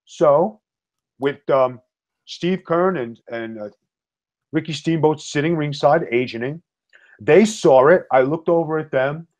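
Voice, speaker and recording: A middle-aged man telling wrestling-career stories in a blunt, tough-talking, animated way, as a podcast guest. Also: a little high, unhurried. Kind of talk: storytelling in casual chat. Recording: slightly dull lo-fi audio.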